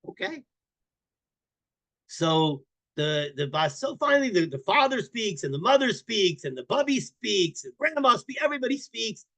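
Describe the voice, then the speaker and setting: A man, a rabbi teaching a Torah class, telling stories in an animated way, repeating words and bursting into loud emphasis. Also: high-pitched, moderate pace.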